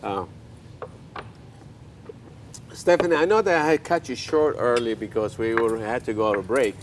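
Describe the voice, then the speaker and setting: A man's voice: medium pitch, moderate pace, slight background noise. Older male cooking host, chatty storyteller, mid-range voice. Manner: folksy storyteller, joking asides.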